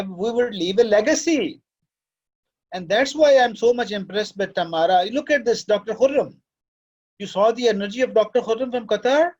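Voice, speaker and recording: A course director lectures students in a classroom in a fatherly way, sometimes switching into Urdu. His voice is high and a little mellow, and the recording has its highs cut off.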